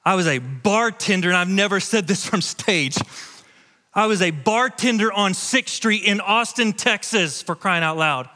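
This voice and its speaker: A man preaching a sermon from a church stage with passion, moving between loud declarations and hushed, intimate storytelling. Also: sits high, animated, a little slow, big-room sound. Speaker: pastor.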